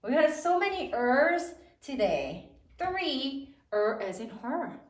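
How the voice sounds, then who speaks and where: A woman teacher giving a slow, sing-song spelling lesson to third graders. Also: high voice, very animated, roomy sound.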